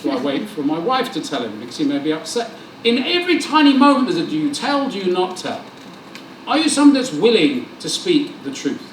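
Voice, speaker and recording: A man preaching a lively sermon in a church hall, joking and acting out conversations in different voices. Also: high voice, brisk, a little hiss or hum. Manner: animated, joking, acts out dialogue. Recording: roomy hall sound, mic at a distance.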